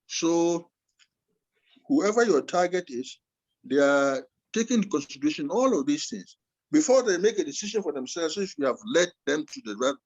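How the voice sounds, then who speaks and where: A man giving a master class lecture over a video call, deliberately swinging his voice up and down and slowing down to stress his points. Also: fairly high pitch, breathy edge. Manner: animated, swings voice up and down for emphasis. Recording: muffled video call audio.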